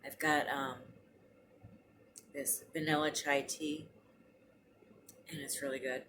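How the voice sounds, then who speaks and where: Speaking slowly in a deep, level, fairly bright voice, a woman around forty chats casually in her apartment for her vlog. She rambles with plenty of fillers and restarts, and there's slight background noise.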